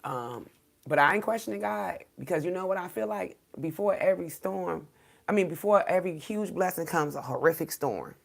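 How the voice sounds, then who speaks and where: A woman in her thirties hosting a livestream while grieving, halting with many pauses as she reads viewer comments, near tears. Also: lowish voice, animated, creaky. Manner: halting, many ums, swears, faith talk. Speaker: livestream host.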